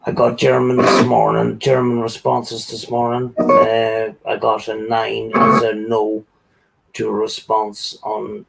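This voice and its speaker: A man with a gravelly voice talks in a matter-of-fact way with his group and often sounds unsure. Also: on the low side, completely flat delivery, takes it slowly, far from the mic, over loud music, poor audio. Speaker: paranormal investigator. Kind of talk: casual group discussion.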